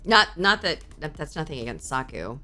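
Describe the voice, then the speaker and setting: A foul-mouthed woman streamer chatting casually with her viewers. Her low voice is bright and swings widely in pitch, while her pace stays unhurried. Faint music plays behind her. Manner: profane, excitable, reacts to chat aloud. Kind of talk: casual live-stream chat.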